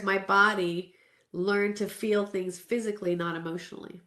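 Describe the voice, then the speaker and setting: Unhurried and medium-pitched, a Southern California woman in her forties gives a candid, earnest self-care talk. She tells a personal story conversationally, with restarts, and the recording carries a roomy echo.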